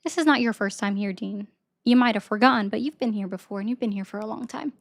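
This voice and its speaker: A woman from the American South talks casually to her livestream chat, defensively explaining herself. Her mid-range voice is creaky and she talks fast.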